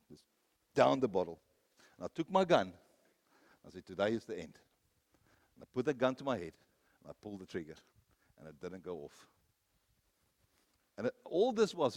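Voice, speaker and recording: A man preaching a sermon, telling personal stories, rising to loud, emphatic peaks and then dropping low. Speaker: pastor.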